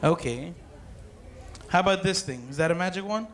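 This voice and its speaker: A man's voice: high-pitched, animated, moderate pace, fairly bright tone. A man working as a children's party magician, playfully joking with the kids and calling out to the crowd in a party hall. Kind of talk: live party magic show patter. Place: party hall with dance floor.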